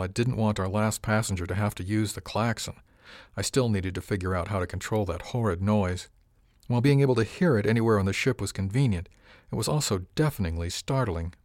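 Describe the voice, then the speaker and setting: A male audiobook narrator with a low voice reading first-person fiction. His storytelling is measured and even. The recording is dry and close, with no room around it. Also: dry recording.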